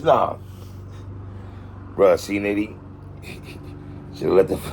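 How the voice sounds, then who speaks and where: A man hosting a casual battle rap recap, slangy and animated, getting excited over lines he likes. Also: on the low side, slight background noise. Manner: animated, slangy, excited outbursts about bars.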